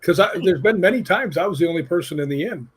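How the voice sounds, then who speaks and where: Here a guest on an interview show, an American stunt coordinator who also investigates the paranormal, talks quickly in a high-pitched, slightly rough voice. His casual anecdotes come alive as he acts out each person he quotes.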